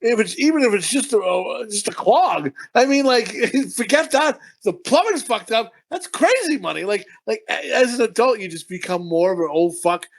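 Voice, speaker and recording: A middle-aged man riffs through a casual podcast chat, profane and rambling, breaking into laughter often. His voice sits high and swings widely in pitch. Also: expressive, normal speed, few pauses. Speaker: podcast co-host.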